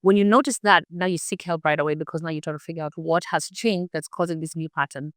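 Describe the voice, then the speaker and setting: A woman's voice: deep voice, fairly even intonation, quick pace, fairly bright tone, dry recording, clean studio sound. A middle-aged woman, the guest expert in an interview, explaining health topics with everyday examples and acted-out inner thoughts. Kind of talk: conversational interview.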